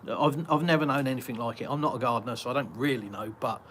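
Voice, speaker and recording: A man's voice: medium pitch, quick pace, fairly bright tone, a little hiss or hum. Man, English accent, live-stream host, casual rambling chat, ums and uhs, reading out comments, faint outdoor ambience. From Britain. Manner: rambling and chatty, many ums and uhs, reads comments aloud.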